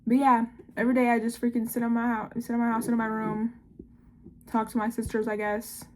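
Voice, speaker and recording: Woman, 19, vlogger: rapid, rambling confessional chat, faint hiss behind. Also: a little high, completely flat delivery. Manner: fast-talking, rambling, full of "like" and "I don't know". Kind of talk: casual confessional vlog.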